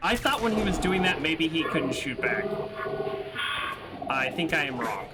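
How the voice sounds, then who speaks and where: A man casually commentating on his own gameplay as host, excitable and self-mocking, often breaking into laughter. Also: fairly high pitch, a little slow, heavy background noise. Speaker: let's play host.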